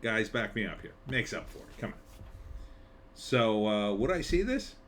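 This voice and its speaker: A screenwriter giving a rambling, conversational trailer reaction, full of fillers and wry asides. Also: male voice, on the low side, very animated, moderate pace, a bit bright, a little hiss or hum. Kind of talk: casual commentary.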